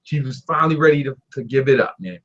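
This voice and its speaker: A young man telling a story in casual talk, animated and laughing, doing voices for the people in it. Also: medium pitch, quick pace, highs cut off. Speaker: guest storyteller.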